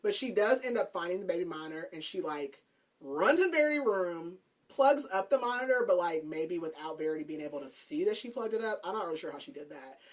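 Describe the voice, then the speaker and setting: Low-voiced woman recapping a book, laughing. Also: animated, fairly quick. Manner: chatty, laughing, lots of "like". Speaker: podcast host. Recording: voice a bit far from the mic.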